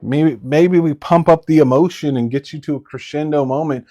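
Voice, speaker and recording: A man's voice: a little high, moderate pace, mellow. Blunt, conversational male preacher. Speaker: pastor. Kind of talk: sermon.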